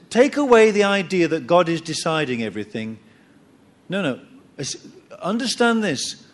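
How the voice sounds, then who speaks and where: A man delivers a sermon with emphatic repetition, his voice somewhat high and lively, swooping as he tells the story. He slips into quoted voices while retelling scripture. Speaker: preacher.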